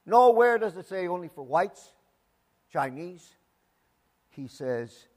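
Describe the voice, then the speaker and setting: A man preaching a sermon, emphatic, swinging from loud declarations to hushed asides and repeating words for emphasis. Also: sits high, sing-song, takes it slowly, pauses often. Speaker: pastor.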